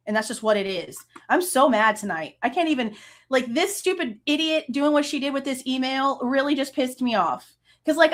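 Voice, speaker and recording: Woman, late 30s, true crime host; heated profane rant, voice sits a bit high. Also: a bit bright. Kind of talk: angry reaction rant.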